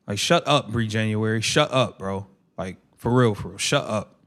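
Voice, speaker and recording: A man's voice: fairly low pitch, moderate pace, a bit bright. Slangy man ranting over a live game. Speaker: live stream host. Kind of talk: casual live watch-along commentary.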